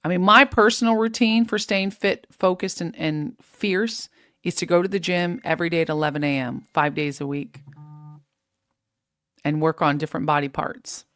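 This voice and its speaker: A woman hosting a live fitness stream, giving energetic, preachy, faith-based motivation and reading out viewer comments. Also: on the low side, moderate pace, no room sound. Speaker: host of a live fitness show.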